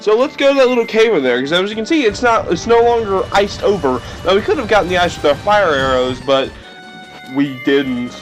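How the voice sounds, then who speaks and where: A man's voice: high voice, lively intonation, fairly quick, soft background music. A young man casually commenting on a video game, goofy and playfully sarcastic. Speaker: let's play host.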